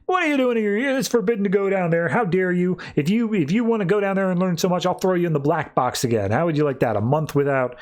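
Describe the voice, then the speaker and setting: A man's voice: mid-range voice, expressive, fast, hardly any pauses, darkish tone, natural voice. A man voicing a cruel, stern male cult father figure who scolds with contempt. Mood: angry scolding.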